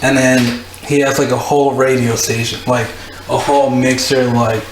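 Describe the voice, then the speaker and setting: A man's voice: mid-range voice, level tone, normal speed. A young man, a guest DJ, telling a long story in casual chat, laughing often and saying "like" a lot. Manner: rambling, laughs often, full of "like". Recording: echoey room with faint noise.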